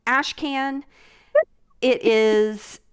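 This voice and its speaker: A woman's voice: on the high side, steady tone, very slow, clean tone. A woman hosting a convention panel in casual chat, rambling with fillers and restarts. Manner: chatty, trailing off, many fillers and restarts. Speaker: panel host.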